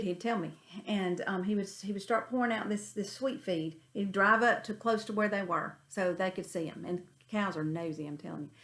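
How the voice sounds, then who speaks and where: Animated woman teaching Bible study. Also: mid-range voice. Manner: earnest and animated, storytelling with folksy asides.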